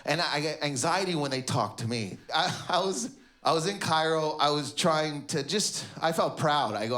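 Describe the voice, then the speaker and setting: A man from Canada doing stand-up comedy in a clothing store, animated and laughing through his lines. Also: fairly high pitch, moderate pace. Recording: echoey store with background noise.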